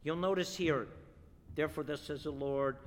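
A man preaches in a church sanctuary, his voice sitting a little high for a man. He reads scripture and builds to emphatic, forceful declarations. A long reverb trails off every phrase. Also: moderate pace, slight background noise. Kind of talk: sermon.

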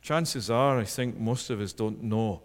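A man preaching a sermon, swinging between loud pleading cries and low, soft passages. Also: a little slow. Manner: rises to impassioned, loud pleading then drops low and soft. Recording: long hall reverb.

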